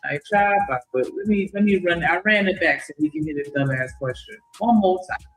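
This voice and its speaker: A man's voice: on the high side, animated, brisk, echoey room, soft background music, poor audio. A man doing reaction commentary on a call, mocking the question in disbelief. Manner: mocking, incredulous.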